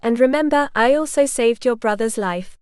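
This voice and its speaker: A woman's voice: on the high side, normal speed, clean tone, no echo, clean studio sound, lightly acted. Woman voicing a stubborn, indignant young noblewoman. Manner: indignant, sharp-tongued.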